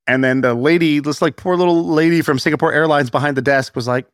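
A man's voice: a little high, quick pace, few pauses, dry recording, studio quality. A man in his thirties, a podcast guest telling stories with lots of laughter. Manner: animated storyteller, laughs often. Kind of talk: casual podcast chat.

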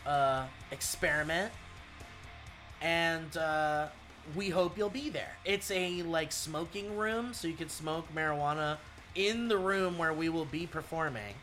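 A man's voice: fairly high pitch, measured pace, sharp tone, faint music behind. A male comedian co-hosting a podcast in laid-back, swearing, casual chat.

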